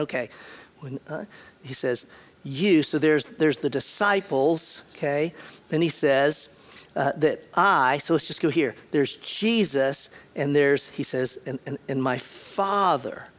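A man preaching a sermon as pastor, earnest, often repeating words and clearing his throat. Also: a little high.

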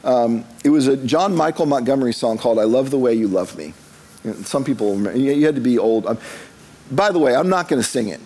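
A man's voice: medium pitch, quick pace, a little mellow. A man, preaching a sermon to a congregation in a church, in a conversational style with humorous asides. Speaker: pastor.

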